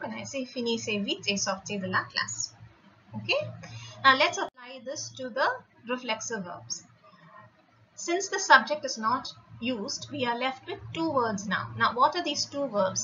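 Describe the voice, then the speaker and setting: A woman's voice: on the high side, sharp tone. A woman French teacher giving a recorded lecture over slides, patiently explaining and checking in with her students. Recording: slightly muffled with faint noise.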